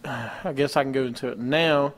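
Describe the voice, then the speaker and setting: A man's voice: mid-range voice, steady tone, moderate pace. A man co-hosting a casual wrestling talk show, rattling off match cards and ranting with mocking disbelief. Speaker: podcast co-host.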